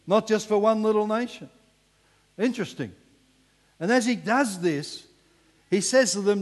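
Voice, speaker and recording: A man preaching a sermon with animated delivery, sometimes falling to a hushed emphasis. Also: high voice. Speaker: pastor. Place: church hall. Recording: long reverb in a church hall.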